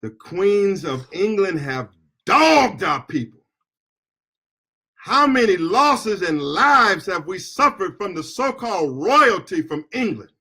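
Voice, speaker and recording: A middle-aged American man giving a fiery political speech as an attorney and activist, impassioned and shouting at peaks, with call-and-response chants. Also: high voice, sing-song, slow pace, breathy edge. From United States.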